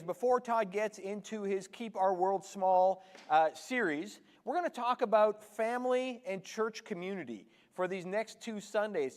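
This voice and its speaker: A Canadian-born pastor in his forties gives a light, joking sermon in a high, bright voice. His words ring out with a long reverb through a big church hall. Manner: chatty, joking with the congregation. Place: church sanctuary.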